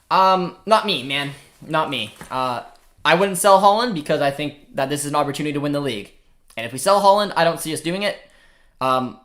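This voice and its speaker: A man's voice: fairly high pitch, fairly bright tone. A man hosting a fan channel livestream, chatting casually and reading viewer comments aloud.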